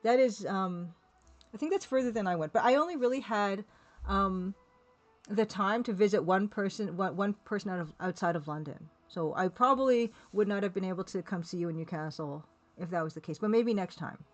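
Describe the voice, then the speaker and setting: A woman's voice: mid-range voice, fairly quick. Chatty woman streamer, rambling. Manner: chatty, rambling, laughs often, reads chat aloud. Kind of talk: casual live-stream chat.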